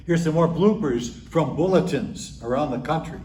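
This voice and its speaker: A man's voice: medium pitch, a little slow, dark tone. A man, a pastor, telling church jokes as a chuckling storyteller. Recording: roomy, distant mic, faint hiss.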